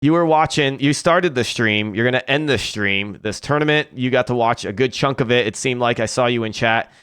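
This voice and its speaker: A man's voice: medium pitch, brisk, a bit bright, clean tone, dry recording, studio quality. A man hosting a live esports tournament stream, casual and joking with many fillers. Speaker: esports caster and host.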